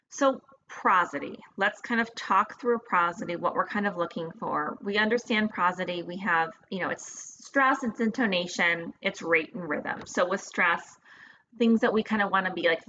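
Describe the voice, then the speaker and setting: A woman's voice: lowish voice, fairly bright tone. A woman giving a recorded lecture in a casual, hesitant way with fillers and restarts. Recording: dull lo-fi recording with faint noise.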